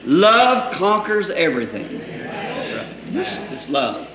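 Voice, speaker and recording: A man's voice: high-pitched, big pitch swings, takes it slowly. A man preaching a sermon, telling homely stories and chuckling as he quotes people. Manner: folksy storytelling, quoting others, chuckling. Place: church. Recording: echoey old church recording with faint hiss.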